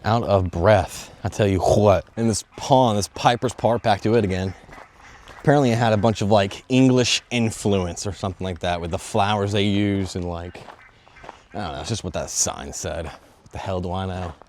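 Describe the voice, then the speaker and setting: A young man filming a casual walking travel vlog, talking straight to viewers in a joking, excitable way with plenty of swearing, out of breath as he goes. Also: on the low side, normal speed, a little hiss or hum. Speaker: travel vlogger. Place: outdoors and in stone tunnels of a sea fortress. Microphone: phone on a selfie stick.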